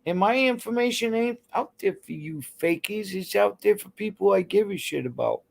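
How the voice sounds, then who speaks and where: A woman's voice: medium pitch, animated, moderate pace, gravelly. A woman hosting a livestream, ranting bluntly and heatedly with constant swearing. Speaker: livestream host. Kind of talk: angry livestream rant to chat.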